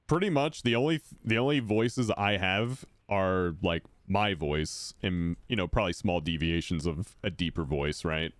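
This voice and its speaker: Deep voiced guy rambling on stream, low and clear. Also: normal speed, hardly any pauses, dry recording. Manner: rambling, self-correcting, laid-back. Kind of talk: casual chat while gaming.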